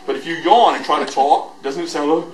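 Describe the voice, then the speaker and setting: Recorded at a distance amid crowd noise in an echoey school hall, a man with a slightly high voice runs a voice master class a little fast. He teaches with jokes for his students and vocal demonstrations.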